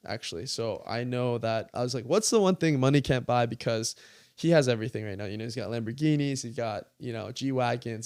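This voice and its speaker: A man telling a story in a casual interview, animated, full of "like", acting out what people said. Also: mid-range voice. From California. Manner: animated, fills speech with "like", acts out quoted dialogue. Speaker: guest creator.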